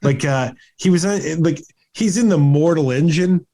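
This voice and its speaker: A man with a fairly high, dark-toned voice talks at a moderate pace as co-host of a casual movie podcast. His chat runs on in long, rambling stretches packed with restarts and fillers.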